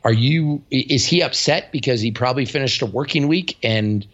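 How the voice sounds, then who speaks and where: A man's voice: medium pitch, fairly quick, fairly bright tone, breathy edge, highs cut off. A man co-hosting a podcast in casual chat, telling stories bluntly and animatedly, with some swearing. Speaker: podcast co-host.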